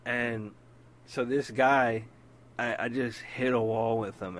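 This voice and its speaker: A podcast host with a medium-pitched voice speaks slowly with fairly even intonation. On his casual storytelling podcast he bluntly retells a dispute, swearing freely, and his voice rises whenever he quotes himself in the argument.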